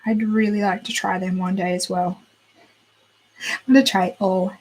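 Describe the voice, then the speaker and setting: A young woman with a slightly husky voice chats about new beauty releases. She gushes and thinks out loud as she browses, and her voice sits at an everyday middle pitch. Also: level tone, moderate pace, poor audio. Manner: chatty, gushing, thinks aloud while browsing. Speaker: beauty channel host. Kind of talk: casual chat.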